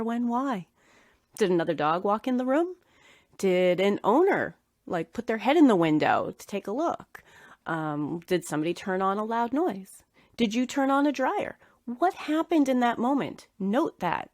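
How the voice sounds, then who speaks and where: A woman's voice: medium pitch, a little mellow, dry recording, studio quality. Earnest woman coaching dog groomers. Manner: earnest, coaching, repeats key words with emphasis. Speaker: podcast host and dog grooming educator. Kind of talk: solo teaching podcast.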